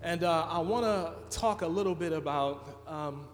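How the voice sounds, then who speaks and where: A man's voice: high voice, a little slow, faint music behind. A man preaching a sermon as a guest preacher in a church, earnest and conversational, with frequent filler words. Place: church sanctuary. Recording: long reverb of a church hall.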